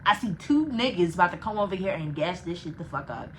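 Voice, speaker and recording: A young woman vlogger telling a casual storytime, animated and profane, laughing between phrases. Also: on the low side, quick pace, a little hiss or hum, rough recording.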